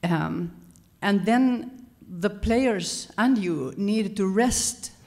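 A woman giving a lecture-style talk to an audience, animated and often correcting herself mid-sentence. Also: mid-range voice, extremely slow. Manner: animated, self-correcting, chuckles between points. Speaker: conference speaker.

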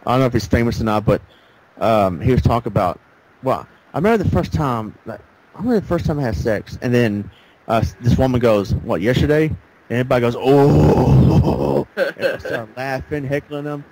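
A man's voice: fast talker, a little mellow. A man hosting a casual talk show, rambling through stories and acting out what people said. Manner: rambling storyteller, acts out quotes. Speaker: podcast host. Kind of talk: casual chat. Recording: faint background noise, low-quality audio.

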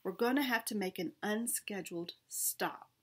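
A woman reading aloud, voicing a brainy, proper male talking dog in a storybook, with a slightly breathy voice. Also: mid-range voice, moderate pace, lightly acted. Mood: cheerful. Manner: calm and cheerful, turning to alarmed shouting.

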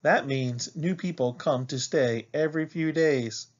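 A matter-of-fact mother in a storybook, read aloud by a man in a plain, unhurried voice. The sound is a little dull. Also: on the high side, natural voice. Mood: calm. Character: calm practical mother.

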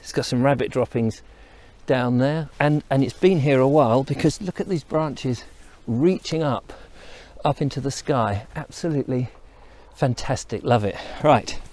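A man's voice: mid-range voice, measured pace, a little mellow. A middle-aged man from England vlogging outdoors while walking through countryside and woodland, chatty and enthusiastic, wandering off into asides. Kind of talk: casual outdoor walking vlog.

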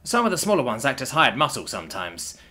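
A man voicing a gruff, matter-of-fact alien female student in a storybook reading. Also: mid-range voice, wildly swooping pitch, fast, sharp tone, full character voice.

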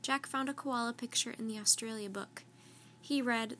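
A woman reading a children's story aloud in a gentle, clear, steady storytelling manner. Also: a little high, normal speed, a little hiss or hum.

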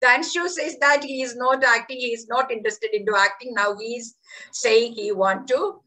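A woman teacher leading an online workshop on theatre in education, telling a story in an enthusiastic, animated way over a video call. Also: on the high side, normal speed, low-quality recording.

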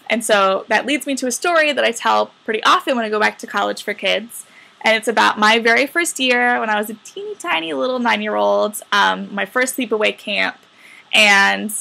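A woman's voice: on the high side, vocal fry, pushed and bright. A young woman in her twenties, a former camper, telling campers a story and giving upbeat advice. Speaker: camp alumna. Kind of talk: recorded message to campers.

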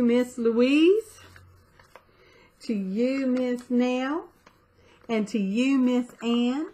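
A middle-aged woman talks through a craft vlog in a slow, drawn-out way. Her voice sits a little high and rings bright and forceful. She gushes warmly over each little thing she shows. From United States. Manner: effusive, gushing, chatty. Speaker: craft vlogger. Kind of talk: casual unboxing chat.

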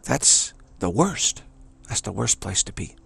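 A man giving a rambling spiritual talk, digressive and halting, restarting his sentences often. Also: lowish voice, sing-song, vocal fry, a bit bright, breathy edge. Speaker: spiritual teacher. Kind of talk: rambling spoken monologue.

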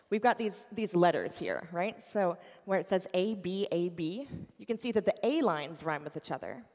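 Animated woman speaking in a reverberant hall. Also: lowish voice. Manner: animated, explanatory, with many fillers. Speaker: conference speaker. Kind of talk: tech conference talk explaining poetry. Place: conference hall.

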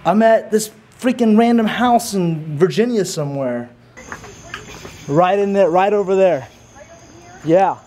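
A man vlogging casually into a handheld camera, excitable and rambling, quick to laugh. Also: high voice, a little hiss or hum. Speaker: YouTube prank vlogger.

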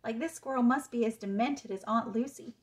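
A curious, wary boy exploring an old house, read by a woman in her own voice. His lines are hushed and plain, with little acted change from the narration. It has the feel of a storybook read-aloud. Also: a little high, brisk, lightly acted.

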